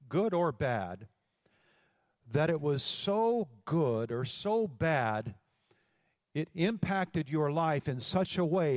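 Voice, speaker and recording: A man preaching a sermon as pastor, telling a story and calling out to the congregation for responses. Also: a little high. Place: large church hall. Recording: long hall reverb.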